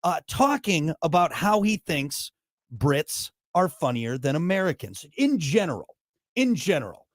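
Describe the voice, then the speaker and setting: A male podcast host in casual chat, ranting in mock outrage. His voice is high and swoops all over the place. The sound is close and dry. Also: sing-song, unhurried, dry recording.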